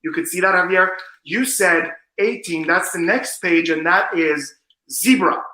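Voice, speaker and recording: Man, mentalist, high voice, sharp bright tone, showy patter, echoey room. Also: unhurried. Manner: showy, teasing, addresses the audience. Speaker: mentalist guest. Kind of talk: magic performance patter.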